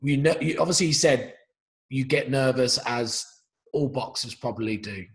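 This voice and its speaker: A man's voice: mid-range voice, normal speed. Male interviewer on a call. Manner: friendly, asks several questions in a row. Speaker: podcast host, interviewer. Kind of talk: casual interview.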